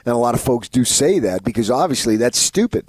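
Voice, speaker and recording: A man's voice: mid-range voice, big pitch swings, a little fast, a little mellow, dry recording. A man co-hosting a sports radio show, bantering in a mock-indignant, theatrical way. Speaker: radio co-host. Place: radio studio.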